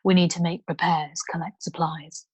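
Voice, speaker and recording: A woman voicing an insolent, laid-back male river traveller who talks low and dismissively, half whispering. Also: level tone, moderate pace, darkish tone, breathy edge, no echo.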